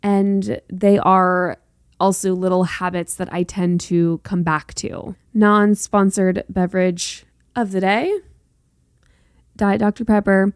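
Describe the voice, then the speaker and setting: A young woman hosts her own podcast, chatting casually and wandering off on tangents with sassy little asides. She speaks at a medium pitch, close to the mic, and the sound is dry with no room echo. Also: level tone, takes it slowly, clear, resonant tone. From North Carolina, US. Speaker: podcast host. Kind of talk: casual solo podcast chat.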